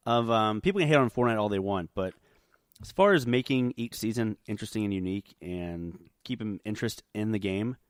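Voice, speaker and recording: Lively, swearing tipsy man. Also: on the low side, brisk, smooth, no room sound, clean studio sound. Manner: profane, animated and joking. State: tipsy from drinking. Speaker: podcast co-host. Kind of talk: casual chat.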